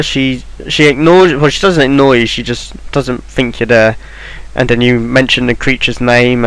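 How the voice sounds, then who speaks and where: Poor audio captures a game guide maker's casual walkthrough narration, delivered offhandedly with frequent ums and false starts. His medium-pitched voice is fairly bright and clean, with no echo.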